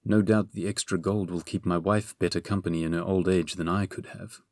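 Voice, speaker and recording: Man reading as a mopey doctor guy, low gravelly grumbling, kinda quiet and sorry for himself. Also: steady tone, fairly quick, dry recording. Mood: gloomy. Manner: glum, grumbling, muttered. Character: gloomy henpecked young male physician.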